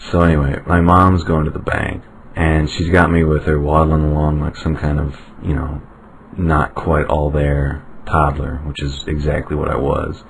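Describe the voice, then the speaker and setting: Man, 20s, very deep voice, joking self-mocking storyteller. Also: monotone, moderate pace, few pauses, poor audio. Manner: joking, self-deprecating, rambling. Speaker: interviewee telling a personal story. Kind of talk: personal storytelling. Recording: clear background noise.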